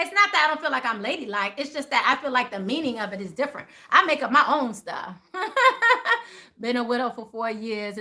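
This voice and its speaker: A woman hosting a casual livestream, telling a story with lots of laughter and answering viewer comments. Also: high-pitched. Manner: animated, laughing, reads viewer comments aloud. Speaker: spiritual livestream host.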